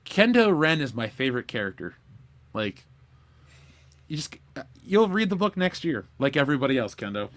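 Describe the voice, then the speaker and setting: A man co-hosting a podcast in casual chat, excitable and quick to laugh as he plugs his projects. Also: medium pitch. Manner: excitable, laughs a lot, plugs merch and Patreon. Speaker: podcast co-host.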